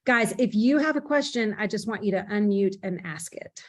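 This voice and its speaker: A woman hosts a group video call in an easygoing, unpolished way. She thanks the guest and invites questions in plain, mid-pitched speech. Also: expressive, normal speed. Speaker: host of the session.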